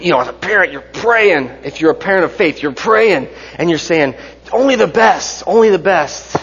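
A man's voice: fairly high pitch, breathy edge. A man in his forties preaching a sermon in a church, conversational, with joking asides and rhetorical questions. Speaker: pastor. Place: church sanctuary. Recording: dull sound with long hall reverb.

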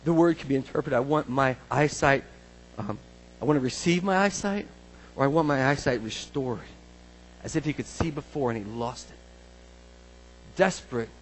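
A man preaching a sermon, dramatic, acting out scripture voices and swinging between hushed lines and shouts. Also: medium pitch, moderate pace, a little hiss or hum, rough recording.

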